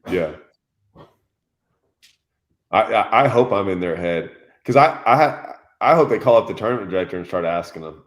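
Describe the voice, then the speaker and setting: A man telling a lively story in casual chat, acting out quotes and laughing often. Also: lowish voice, moderate pace, long pauses. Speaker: fishing channel host.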